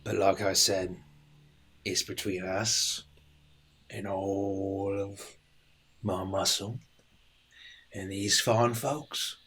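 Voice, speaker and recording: A man's voice: low voice, steady tone, very slow, long pauses, fairly bright tone, a little hiss or hum, heavily acted. A man doing a sneering tax collector cat. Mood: menacing. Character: grubby male tax collector cat, bullying then groveling.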